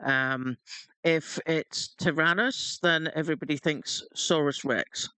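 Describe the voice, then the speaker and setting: A man co-hosting a casual gaming livestream, jokey, reading announcements aloud at a steady pace. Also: fairly high pitch, slow pace, clean tone, no room sound, poor audio. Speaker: livestream co-host.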